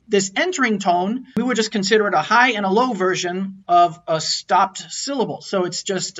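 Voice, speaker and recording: A man's voice: high voice, moderate pace, hardly any pauses, fairly bright tone. A man teaching a lecture on tones, explaining step by step and stopping to sing out each tone as an example. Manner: explanatory, stops to demonstrate tones, frequent restarts. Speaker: language teacher. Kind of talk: online lecture with slides. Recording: dull lo-fi recording.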